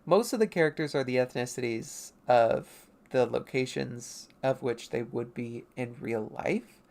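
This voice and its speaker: A young adult artist chats loosely on a livestream, poking fun at their own childhood work and dropping into quick character bits. The voice carries a gravelly, fry-tinged texture at a middling pitch, picked up on a home streaming mic. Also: a little mellow. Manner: rambling, self-mocking, briefly acting out character lines. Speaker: artist livestreaming a comic read-through. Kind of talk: casual livestream commentary.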